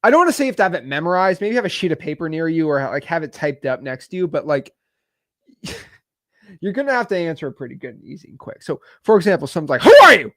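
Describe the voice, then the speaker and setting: A man explains cold-calling tactics in a relaxed, conversational way. His voice sits a little high and moves around a lot in pitch, full of quick asides and easy laughs. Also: dry recording. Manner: animated, chatty, quick asides and frequent laughs. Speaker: real estate cold-calling coach. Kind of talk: casual instructional talk.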